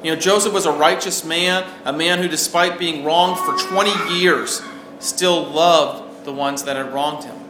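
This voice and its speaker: Over music, a man with a slightly high voice delivers a sermon a bit slowly and earnestly, questioning his listeners as he goes. He's a pastor, recorded with roomy echo and faint background noise.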